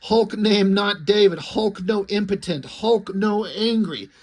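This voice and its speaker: A man reads out a raging, dim-witted giant from a comic book who speaks in short, broken phrases. The voice sits fairly high and a little loud. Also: slow pace, heavily acted. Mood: indignant. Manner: choppy broken-grammar phrasing.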